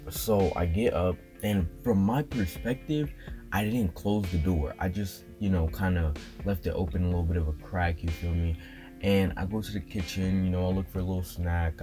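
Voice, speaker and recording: A young man casually telling a childhood story as a vlogger, with slangy, animated phrasing and lots of fillers. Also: low voice. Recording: guitar music playing underneath.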